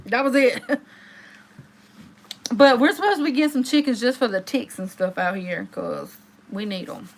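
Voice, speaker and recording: A young woman, hosting a casual livestream and chatting with viewers, telling stories and jumping into high exclamations. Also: brisk, vocal fry. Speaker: livestream host.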